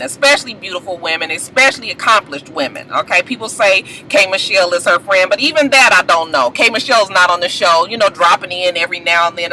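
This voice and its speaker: A woman's voice: fairly low pitch, bright, forceful tone, a little hiss or hum, rough recording. A woman in a sassy, gossipy, casual recap of a reality show, often adding "okay?". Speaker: TV recap vlogger.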